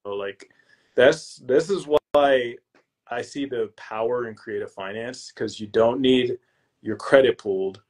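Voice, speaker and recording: A young man who is a podcast guest and real estate investor, chatting casually and telling lively stories in relaxed, slangy speech. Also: mid-range voice, unhurried. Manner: relaxed and slangy, calls the hosts "bro"; lively storyteller who acts out his own past lines. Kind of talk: casual interview chat.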